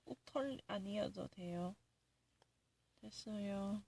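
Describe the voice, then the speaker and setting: A woman's voice: medium pitch, rapid-fire, gravelly, darkish tone, a little hiss or hum, rough recording. A woman reading dictionary definitions aloud and arguing over them with herself, grumbling and indignant.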